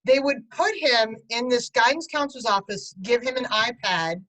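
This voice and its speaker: A middle-aged woman tells her story with animated, chatty energy. Her voice sits fairly high, and she breaks into laughter at times as she talks with an interviewer. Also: moderate pace, rough recording. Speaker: guest, parent and writer. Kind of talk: conversational interview.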